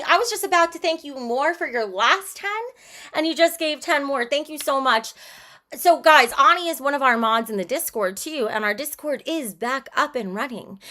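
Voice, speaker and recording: Bright-voiced woman chatting on a livestream. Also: sits high. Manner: chatty and blunt, reads out and answers chat; breezy, frank and irreverent. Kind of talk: casual livestream chat.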